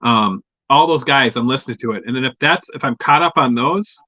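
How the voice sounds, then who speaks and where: A man's voice: medium pitch, a little fast, pushed and bright, dry recording, muffled recording. A man on a crypto podcast describing his habits in a rambling, hesitant way. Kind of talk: casual podcast talk.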